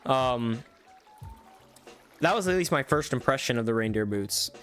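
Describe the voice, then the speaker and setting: A man's voice: medium pitch, lively intonation, a little slow, a bit bright, clear, resonant tone, soft background music. A young man casually commenting on a live stream, chatty and enthusiastic with lots of fillers. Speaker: streamer reviewing viewer-made game mods.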